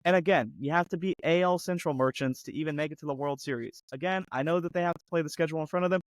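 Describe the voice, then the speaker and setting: A man co-hosting a sports podcast, ranting heatedly and mocking a team with rapid-fire rhetorical questions, his voice going hoarse. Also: fairly high pitch, no room sound. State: losing his voice. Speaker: podcast co-host.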